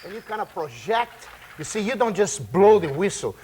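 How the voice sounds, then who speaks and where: A fairly high-voiced man with a Brazilian Portuguese accent teaches percussion in a loose, rambling way, voicing sounds as he goes. His first language is Portuguese. Loud clicks and percussion noise fill the recording around him. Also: big pitch swings, moderate pace. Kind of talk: relaxed demonstration class. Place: room with percussion table.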